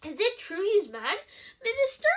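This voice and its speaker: A woman's voice: very high voice, sing-song, moderate pace, a bit bright, voice pushed up, heavily acted. A woman reading aloud, voicing a curious female innkeeper who asks eager questions. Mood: anxious.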